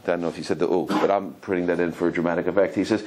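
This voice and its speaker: A man, a rabbi, giving a Torah lecture, telling stories animatedly, often repeating and restarting words, and acting out quotes with sudden high cries. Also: very fast, a little hiss or hum, low-quality recording. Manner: animated storytelling, acts out quotes with high exclamations.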